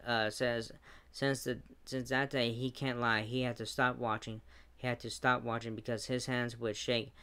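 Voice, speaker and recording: A man recapping a wrestling show as its reviewer, retelling the action with fillers and quick asides. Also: mid-range voice, a bit bright, clean tone.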